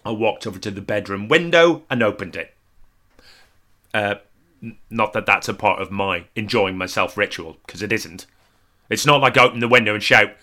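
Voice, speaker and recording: A man in his forties performing a self-deprecating comic monologue, deadpan with sudden exaggerated outbursts. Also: mid-range voice. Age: 40s. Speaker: comedian.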